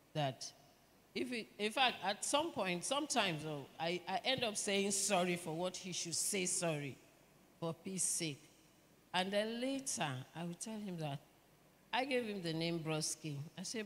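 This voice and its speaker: A middle-aged Nigerian woman shares her experience in a calm, reflective tone, often breaking into light laughter. Her voice rings with the long reverb of a church hall, with a faint hum of ambience underneath. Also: lowish voice, a little slow. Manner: gentle, reflective storytelling with laughter. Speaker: pastor's wife, panelist. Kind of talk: testimony on a church panel.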